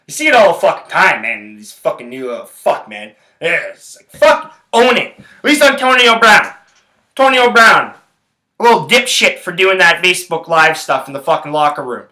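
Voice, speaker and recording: Profane ranting man, high bright voice. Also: reverberant, rough recording. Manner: profane, rambling, heated. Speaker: podcast host. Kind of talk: casual sports rant.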